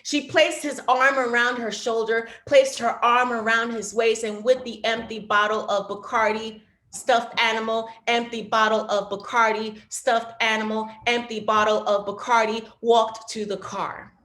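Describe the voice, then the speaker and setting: Woman poet reading slow and rhythmic, voice sinks quiet, echoey room sound. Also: a little high, level tone. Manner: measured, rhythmic delivery, dropping to a hush. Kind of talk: poetry reading. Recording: roomy echo.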